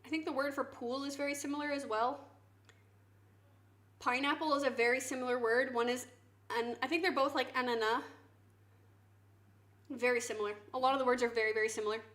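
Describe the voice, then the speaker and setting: A woman streamer chatting casually to her viewers, swinging into loud mock outrage and swearing. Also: high voice, fairly even intonation, a little fast, long pauses. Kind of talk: casual live-stream chat. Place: home kitchen.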